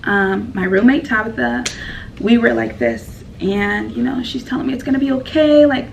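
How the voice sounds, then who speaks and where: A woman's voice: fairly high pitch, normal speed, gravelly, distant mic, dull audio, slight background noise. A woman telling a personal story in a casual vlog, rambling and emotional with lots of fillers.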